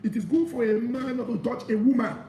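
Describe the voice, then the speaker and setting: A man's voice: very high voice, a little fast, far from the mic. Pastor guy preaching, reads bible verses then breaks them down, roomy echo, bit of faint hum behind. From Nigeria. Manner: animated preaching, reads scripture aloud and explains it. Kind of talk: sermon. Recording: echoey room.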